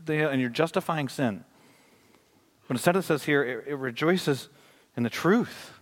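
A man's voice: mid-range voice, a little fast. A man giving a sermon to his congregation, talking in a conversational way and rising to emphatic, questioning passages. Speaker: pastor.

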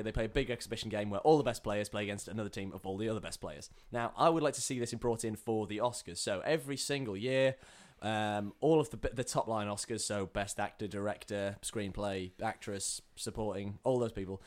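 A man's voice: lowish voice, fairly quick, hardly any pauses. A man co-hosting a podcast, setting out an idea step by step with a teasing edge. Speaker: podcast co-host. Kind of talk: casual chat.

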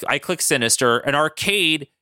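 A man co-hosting a casual chat, his pitch swinging widely as he retells a story and acts out its lines. His voice is bright and forceful, and the recording is close and dry. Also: normal speed, clean tone, no echo. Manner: animated storytelling, acting out quotes with a laugh. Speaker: podcast co-host.

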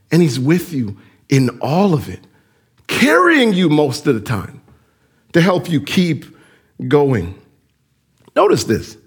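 A male pastor preaching with a high, lively voice that swings up and down. His tone has a husky edge, and he often turns to the listeners with direct questions. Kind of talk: sermon.

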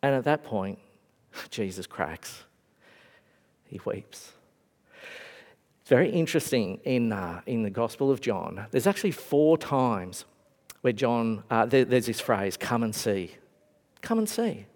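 A man preaching a sermon to a congregation, reflective and conversational, his voice dropping to a hush and then lifting again. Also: mid-range voice, animated, measured pace, pauses often. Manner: reflective, swings between raised and hushed voice. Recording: long hall reverb.

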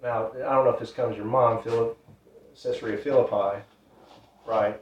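A man's voice: medium pitch, moderate pace, a little hiss or hum. A man telling a ministry testimony in an earnest, repetitive, casual way. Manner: earnest, repetitive, loose grammar. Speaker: ministry storyteller. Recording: roomy, distant, dull sound.

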